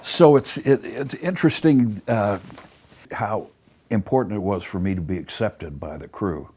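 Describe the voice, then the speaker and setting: Deep husky guy spinning backstage stories, acts out everyone he quotes, lots of "you know". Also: unhurried. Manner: animated storyteller acting out quotes, many fillers; profane, blunt. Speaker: interview guest. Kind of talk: casual storytelling.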